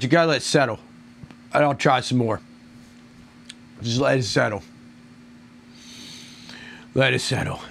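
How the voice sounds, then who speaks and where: A man's voice: mid-range voice, gravelly, fairly bright tone, a little hiss or hum. Groaning, crude-talking man reviewing beer. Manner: groaning, crude, rambling complaints. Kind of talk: casual solo review.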